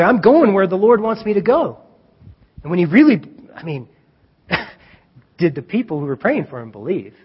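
High-voiced husky man preaching. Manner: animated, acts out scenes, chuckles at own jokes. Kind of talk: sermon with storytelling. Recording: dull reverberant hall recording.

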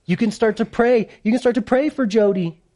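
A man preaching a sermon to a congregation with kids present, animated and playful, swinging from hushed lows to loud peaks. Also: a little fast. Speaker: pastor.

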